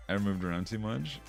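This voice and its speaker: A man's voice: lowish voice, gravelly. A man streaming and reacting to chat in a wry, rambling way, laughing often. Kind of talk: casual chat.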